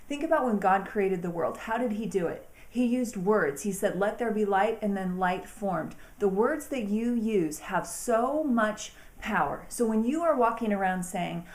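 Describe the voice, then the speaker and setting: A woman hosting an inspirational talk, speaking in an earnest, encouraging way with slow, emphatic phrasing. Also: medium pitch, darkish tone, reverberant. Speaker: host.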